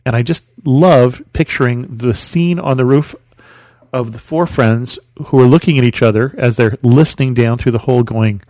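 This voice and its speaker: A man's voice: mid-range voice, normal speed, a little mellow, no room sound. A man hosting a podcast, teaching through a Bible story in a conversational, storytelling way with rhetorical questions.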